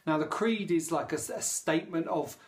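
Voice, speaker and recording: A man's voice: a little high, normal speed. A man preaching a sermon in a conversational storytelling manner, with frequent restarts and fillers.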